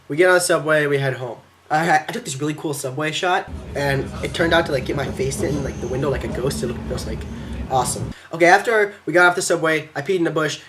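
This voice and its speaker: Teenage boy, vlogger, rapid excitable storytelling, silly quote voices, computer webcam mic, at home. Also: fairly high pitch, a little hiss or hum. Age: teens. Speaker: exchange student vlogger. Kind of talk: casual storytelling vlog.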